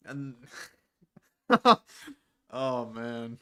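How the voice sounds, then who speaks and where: A man chats loosely on his own livestream, wandering from point to point and answering viewers as he goes. His voice is smooth and clear. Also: mid-range voice, normal speed, bright, forceful tone. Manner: rambling, answers viewers' comments. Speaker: livestream host. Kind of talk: casual livestream chat.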